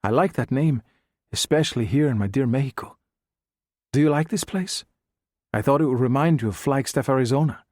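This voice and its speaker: A man's voice: medium pitch, brisk, pauses often, darkish tone, no echo, clean studio sound, natural voice. A man voicing a sly, courteous spymaster with a Spanish accent. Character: suave middle-aged Chinese spymaster, calm and sly.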